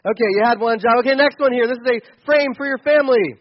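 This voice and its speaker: High-voiced sarcastic man. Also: fast, no echo, lo-fi sound. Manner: sarcastic, exasperated, chuckling. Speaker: comedic commentator. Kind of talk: comedic picture commentary.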